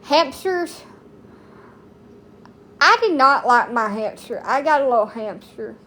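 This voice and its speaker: A TikTok streamer, an American woman in her thirties, chats casually to the camera and her viewers, blunt and rambling with lots of folksy slang. Her voice is a little high, animated, bright, and forceful at normal speed, with a little hiss or hum.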